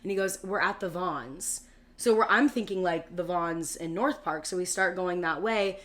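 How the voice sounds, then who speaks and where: A woman's voice: on the low side, normal speed, fairly bright tone. A woman in her thirties co-hosting a podcast, telling a long story in casual chat with lots of "like" fillers and acted-out quotes. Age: 30s. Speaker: podcast co-host.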